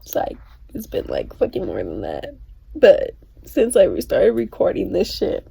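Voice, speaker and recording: Gravelly, tearful woman confiding alone. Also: lowish voice, wildly swooping pitch, warm tone. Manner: halting, hesitant, with nervous laughs and swearing. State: tearful, crying. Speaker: vlogger. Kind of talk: confessional self-recorded monologue. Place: alone indoors. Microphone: self-filmed camera.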